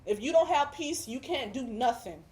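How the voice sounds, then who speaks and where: A woman with a fairly high voice gives a heartfelt religious testimony as a guest. She speaks emphatically and drives her points home with preacher-like repetition. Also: expressive, normal speed, darkish tone. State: emotional, near tears at times.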